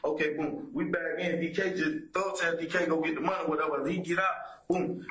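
A man being questioned in a police interview room, talking in casual street slang, halting and repeating words as he goes. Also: a little high, steady tone, fairly bright tone, reverberant, slight background noise, low-quality recording. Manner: casual street slang, keeps checking he is understood.

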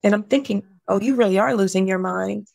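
A woman guest on a podcast, telling a painful personal story earnestly and intensely, her voice climbing high when upset. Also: fairly quick, creaky, a little mellow, no echo. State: tearful at times.

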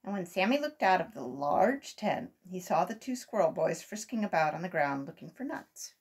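A woman volunteer reader telling a children's story aloud in an expressive, gentle way. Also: lowish voice, normal speed, breathy edge.

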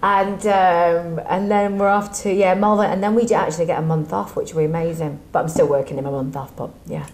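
A woman's voice: fairly low pitch, steady tone, a little fast, hardly any pauses, darkish tone. Bubbly northern English woman. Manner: bubbly, self-mocking. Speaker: musical theatre performer guest. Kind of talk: casual interview chat. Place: theatre.

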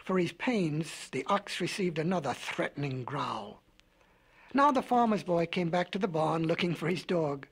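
Breathy, whimsical male storyteller. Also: a little high, animated, moderate pace. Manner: gentle, whimsical, folksy storytelling. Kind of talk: storybook record narration.

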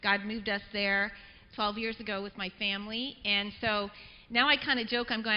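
A woman's voice: medium pitch, fairly even intonation, moderate pace. A woman raised in Canada speaks to a congregation in an easy, chatty way, poking fun at herself. Her voice carries long reverb from a big church hall, and the recording sounds muffled. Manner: chatty, self-deprecating, conversational. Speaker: guest speaker. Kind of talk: personal testimony sermon. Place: church sanctuary. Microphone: clip-on mic.

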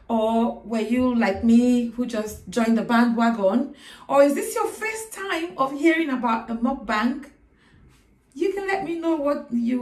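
A woman's voice: fairly high pitch, distant mic. A woman from Nigeria chatting casually to her viewers as a vlogger, laughing often and telling stories with animation. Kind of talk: casual chat to camera. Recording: echoey room, faint music, off-mic.

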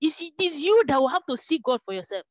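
A woman's voice: high voice, sing-song, fast talker, no echo, dull audio. A woman preaching a sermon, earnest and repetitive, praying aloud between points.

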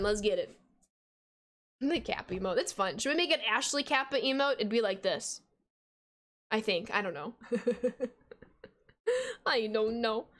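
A young woman in her twenties streaming a baseball video game, chatting with viewers and reacting with sudden excited squeals. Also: sits high, slight background noise. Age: 20s. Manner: chatty, reads out and answers chat while playing. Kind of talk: casual game stream chat.

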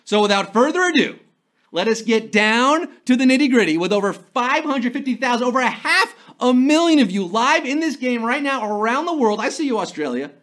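A man's voice: extremely high pitch, very animated, fairly quick, a bit bright. A man hosting a live trivia game show, reading questions with playful jokes and theatrical asides. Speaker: quiz show host.

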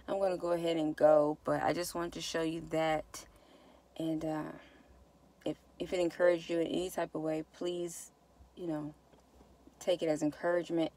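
Emotional woman. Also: on the low side. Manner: heartfelt, repeats herself, says y'all. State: close to tears. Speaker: vlogger. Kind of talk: emotional casual vlog to viewers.

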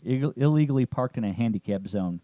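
A man's voice: mid-range voice, expressive, a little fast, no room sound, narrow, tinny audio, natural voice. A man voicing a blunt, tough mentor figure in a narrated story. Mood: brusque.

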